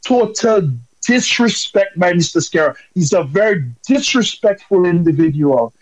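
A man's voice: on the high side, animated, measured pace, hardly any pauses, no room sound, poor audio. A man from Dominica calling in with impassioned, emphatic political commentary.

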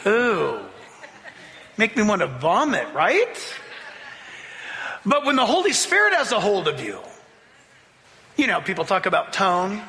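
A man preaching a sermon as pastor to a congregation, with animated emphasis and drawn-out key words. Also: very high-pitched. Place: church sanctuary. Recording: echoey church hall.

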